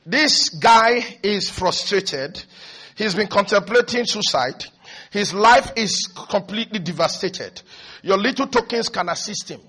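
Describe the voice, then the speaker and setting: A man preaching a fervent, repetitive sermon that rises into shouts. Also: high voice, lively intonation, measured pace, slightly rough.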